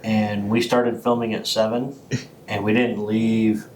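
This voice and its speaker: A man with a fairly low voice hosts a casual podcast chat. He tells stories in a loose, rambling way and jumps from thought to thought. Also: little pitch movement, unhurried, a little mellow, a little hiss or hum, poor audio. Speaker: podcast host.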